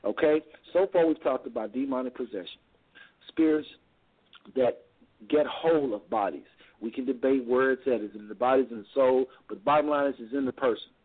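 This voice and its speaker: A man's voice: medium pitch, brisk. A man hosting a call-in talk show and preaching, repeating phrases for emphasis. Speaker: radio show host. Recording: tinny phone-line audio.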